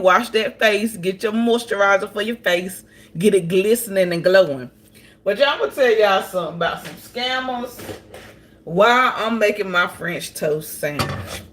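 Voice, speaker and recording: Female vlogger, unhurried and chatty, talking to camera while cooking at home. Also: mid-range voice. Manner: chatty, talks straight to viewers. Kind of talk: casual cooking vlog chat. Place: home kitchen.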